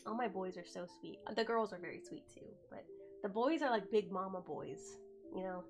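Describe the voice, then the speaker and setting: A woman's voice: mid-range voice, moderate pace, music in the background. A woman in her twenties chatting casually on a live stream as she gets over the flu, rambling with lots of fillers and talking to her cat. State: getting over the flu, occasional cough.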